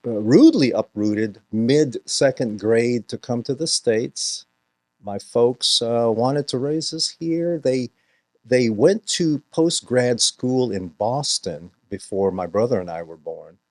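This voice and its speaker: A man from the Philippines, an actor being interviewed, answering with wry, deadpan quips. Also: mid-range voice, takes it slowly, no room sound. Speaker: actor, guest. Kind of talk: casual interview chat.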